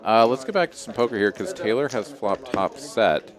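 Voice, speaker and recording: A man doing live poker commentary in a relaxed, chatty, jokey way. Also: fairly low pitch, moderate pace, a crowd in the background.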